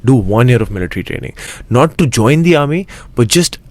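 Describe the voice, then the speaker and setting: A man's voice: medium pitch, expressive, fairly quick, darkish tone, no echo. A young adult man from Mumbai, a guest in a casual interview, talking eagerly with many restarts and fillers. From Mumbai, India. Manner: eager, rambling with frequent restarts. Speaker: actor guest.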